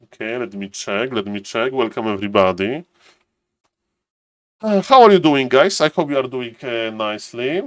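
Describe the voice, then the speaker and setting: This man, a streamer and caster, talks in an animated, fairly bright medium-pitched voice at a normal pace. Waiting for a match, he greets viewers by name and muses aloud in a casual live-stream chat, recorded with no room sound.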